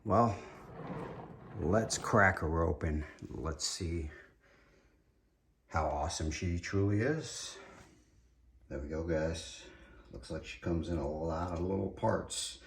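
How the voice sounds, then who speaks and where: Male host with a New York accent, low voice, unhurried delivery, chatty unboxing patter, recorded off-mic in an echoey room. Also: creaky, distant mic. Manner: chatty, hypes his reveals, talks straight to viewers. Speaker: collectibles reviewer. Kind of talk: casual unboxing video.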